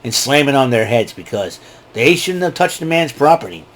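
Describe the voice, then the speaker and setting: A man's voice: medium pitch, moderate pace. A man giving a casual, rambling wrestling recap and often laughing at his own jokes. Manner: animated, rambling, laughs a lot. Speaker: wrestling show reviewer.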